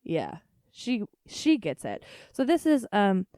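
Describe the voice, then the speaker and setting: A woman's voice: medium pitch, huge pitch swings, takes it slowly, warm tone, no room sound, clean studio sound. Frank, laughing woman podcast host. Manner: frank, profane, laughing often. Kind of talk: casual solo podcast chat.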